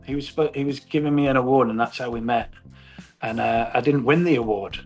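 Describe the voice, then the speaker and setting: A man's voice: medium pitch, fairly quick, soft background music. A middle-aged man in a casual interview, telling stories with animation, swearing and laughing often. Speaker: actor guest.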